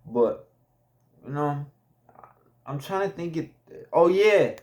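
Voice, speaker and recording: A man's voice: fairly high pitch, expressive, takes it slowly, darkish tone. Laid-back young man telling a story. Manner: laid-back, chatty, laughs often, addresses viewers as y'all. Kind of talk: casual storytime.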